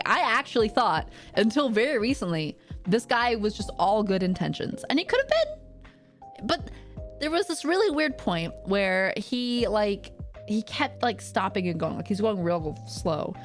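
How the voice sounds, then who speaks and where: A woman's voice: medium pitch, sing-song, a little slow, soft background music. A woman streamer telling stories in casual chat, rambling with lots of fillers and frequent laughter.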